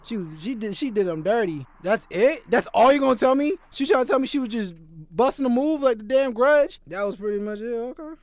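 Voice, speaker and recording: A man streaming a horror game, reacting with loud, profane shouts and casual banter. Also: very high voice, a little fast, hardly any pauses. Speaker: gaming streamer. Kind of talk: gaming reaction commentary.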